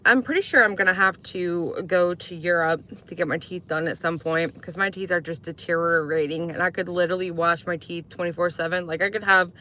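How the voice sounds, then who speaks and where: A woman live streaming in casual chat, talking to viewers and answering their comments. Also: a bit bright. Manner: chatty, answers chat comments, mimics sweet talk in high voice.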